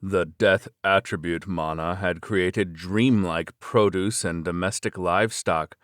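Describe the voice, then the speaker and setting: A man with a very low voice reads a web novel aloud in a steady, measured way. The sound is close and dry, with no room around it. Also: dry recording. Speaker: audiobook narrator. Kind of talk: scripted narration of a web novel.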